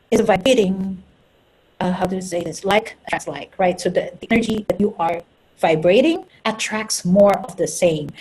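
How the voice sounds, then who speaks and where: Woman, spiritual coach, husky mid-pitched voice, earnest chat with self-mocking laughs. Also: a little mellow, rough recording. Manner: earnest, laughs at herself, repeats words. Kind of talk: casual spiritual talk.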